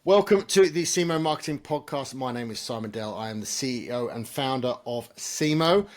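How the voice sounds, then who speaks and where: A man's voice: mid-range voice, moderate pace, heavy background noise. Male podcast host, casual and unpolished, filler-heavy, dry self-mocking humor. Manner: relaxed, self-deprecating, frequent ums and uhs.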